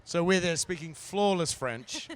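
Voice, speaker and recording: A man from New Zealand with a New Zealand accent, an actor chatting playfully in a live interview, joking and often pausing with fillers. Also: high voice, clean tone. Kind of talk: casual chat at a live event.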